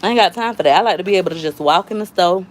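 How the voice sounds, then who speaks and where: A woman's voice: fairly low pitch, very fast, a little hiss or hum. A woman, chatting casually with viewers at home with her family, slangy and rambling, a little out of breath. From Florida, US. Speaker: YouTube cooking vlogger.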